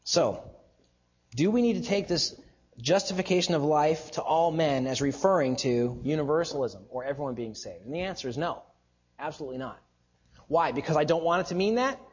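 A man's voice: a little high, breathy edge, muffled recording. A man preaching a teaching sermon, emphatic and explanatory, who keeps asking rhetorical questions and answering them. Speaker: pastor or Bible teacher.

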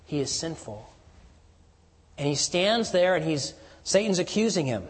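A man preaching a sermon, moving from emphatic lines to hushed, near-whispered stresses. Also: a little high, very animated, measured pace. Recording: long hall reverb.

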